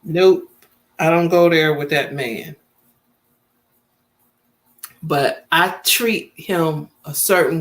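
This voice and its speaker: A woman's voice: on the low side, a bit bright. Woman, fifties, casual vlog chat, emphatic, chatty. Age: 50s. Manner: chatty, emphatic, repeats points, acts out quoted family voices. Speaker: vlogger. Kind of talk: casual storytelling to camera.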